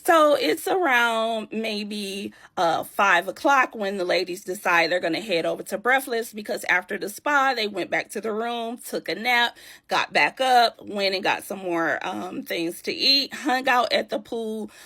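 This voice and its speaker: A woman's voice: mid-range voice, animated, unhurried, pushed and bright. A woman telling a drama story in a chatty, loose way, with many fillers. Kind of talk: casual storytime narration.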